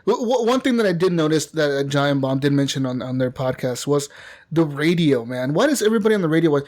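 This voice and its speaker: A man's voice: fairly high pitch, animated, fast, darkish tone. Profane, laughing male podcast co-host. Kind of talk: casual chat.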